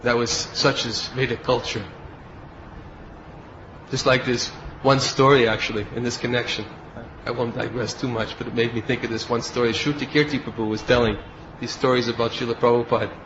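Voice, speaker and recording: A man's voice: medium pitch, flat delivery, a little fast, muffled recording, background noise. A man giving a devotional lecture as a spiritual teacher, telling stories and acting out the quoted speech of the people in them. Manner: storytelling, acts out quoted speech.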